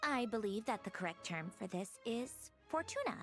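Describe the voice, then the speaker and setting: A brooding scholar in a game, speaking formally and thinking aloud. Her voice sits a touch high and moves around a lot in pitch. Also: lively intonation, fairly bright tone, soft background music. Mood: pensive. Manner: measured, formal, theorizing aloud. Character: scholarly woman researcher, brooding and intense. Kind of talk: game voice acting.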